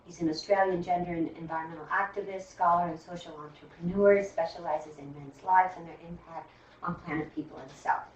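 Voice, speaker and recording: A woman's voice: on the low side, warm tone. A woman introducing a seminar speaker with light humor and a few fillers. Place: seminar room. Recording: roomy lecture hall from far off, dull.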